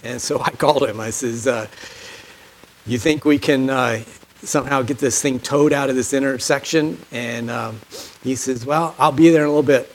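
A man preaching a sermon, telling a personal story in a folksy way, often dropping to a quiet low voice and rising when he stresses a point. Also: moderate pace, a little hiss or hum, low-quality recording.

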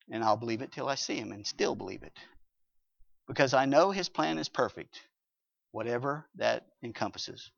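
A man preaching a sermon with emphasis, swinging between loud passages and hushed ones and reading scripture aloud. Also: mid-range voice, normal speed, vocal fry. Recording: dull lo-fi recording.

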